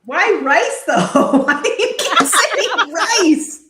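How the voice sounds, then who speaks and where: A woman's voice: very high-pitched, animated, takes it slowly, heavy background noise. A woman co-hosting a casual recap chat, giggly and retelling scenes. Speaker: co-host. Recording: echoey room.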